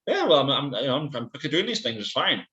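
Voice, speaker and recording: A comic Scottish-accented impression of an older male film star, as a man puts him on. The delivery is quick and held low in volume. The sound is roomy and slightly dull. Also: sing-song, pushed and bright. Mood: cocky. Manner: joking impression with a put-on accent.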